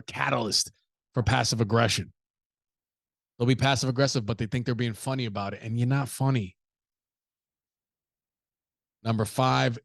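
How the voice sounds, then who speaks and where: A man talks through a solo podcast in a loose, blunt, profane way, often slipping into acted-out quotes of other people. His voice has a gravelly edge. The sound is close and dry, with no room around it. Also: mid-range voice, no echo. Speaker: podcast host. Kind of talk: casual solo podcast commentary.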